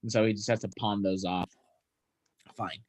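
A man's voice: lowish voice, steady tone, normal speed, a little mellow. Profane young man recapping a movie. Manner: loose and profane, acts out characters' lines. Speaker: podcast co-host. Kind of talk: casual chat recapping a movie.

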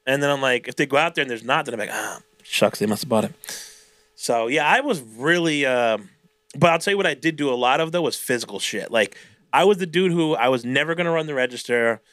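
A mid-range male voice moves at a quick pace on a dry recording as a young podcast co-host chats casually. He animatedly recounts retail stories, swearing often and playing out the customers' parts.

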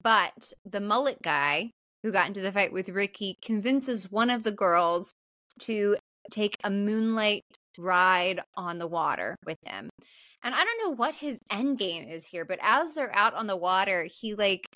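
Animated woman recapping a movie. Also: mid-range voice, measured pace, no room sound. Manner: animated storyteller, acts out quotes. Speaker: podcast co-host. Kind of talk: casual film recap chat.

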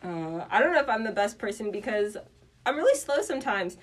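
A woman's voice: mid-range voice, big pitch swings, brisk. A young woman appearing as a podcast guest in casual chat, rambling, hesitant and self-deprecating. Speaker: guest actor.

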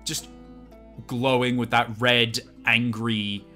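A man narrating as game master of a tabletop game, casual and halting with many fillers. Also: medium pitch, flat delivery, pushed and bright, soft background music.

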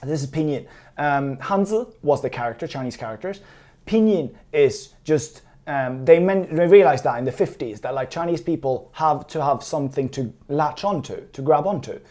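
Laid-back teacher voice, mellow and warm, rambles a bit and laughs a lot. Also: mid-range voice, lively intonation, moderate pace. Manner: chatty, digressive, laughs easily. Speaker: language teacher. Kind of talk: casual spoken lesson.

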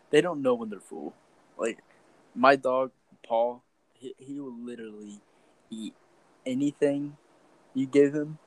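A young man hosting a podcast in casual chat, laid-back, cursing casually and tossing in quick reactions. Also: medium pitch, rough recording. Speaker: podcast host.

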